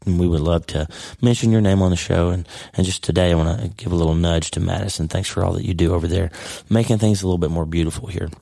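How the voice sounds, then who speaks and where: Hoarse man, middle-aged, deep, mellow, dry close sound, earnest rambling podcast host. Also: fairly even intonation, fast, no echo. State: hoarse, lost voice. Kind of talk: casual podcast monologue.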